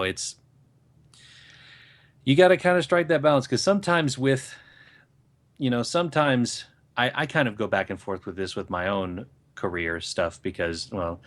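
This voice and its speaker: A man's voice: on the low side, animated, normal speed, fairly bright tone. A man co-hosting a podcast, offering thoughtful, rambling advice in casual chat. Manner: thoughtful, rambling, with many fillers and restarts. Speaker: podcast co-host.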